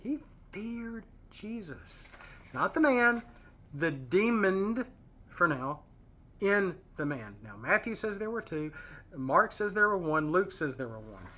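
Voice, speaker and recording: Bright-voiced man leading a Bible study. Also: sits high, very animated, takes it slowly. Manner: chatty and digressive, with pop-culture asides. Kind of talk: casual Bible study commentary.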